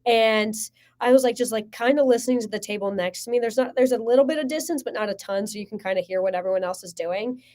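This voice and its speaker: A woman in her twenties, a sports media guest, telling stories in casual podcast chat with lots of "like" and excited bursts. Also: on the high side, quick pace, hardly any pauses. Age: 20s. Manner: excited, heavy use of "like", lively storytelling.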